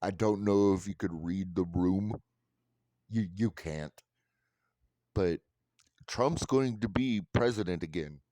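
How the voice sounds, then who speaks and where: Man, angry commentator, low voice, drawn-out delivery, dry close sound; blunt and profane. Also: darkish tone, no echo. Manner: repeats and restarts words when worked up. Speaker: online commentator.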